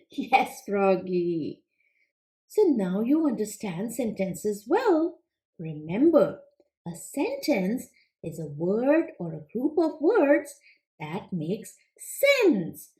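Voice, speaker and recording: A woman teacher giving a children's lesson in a slow, clear, patient way. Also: on the high side, big pitch swings, warm tone. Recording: echoey room.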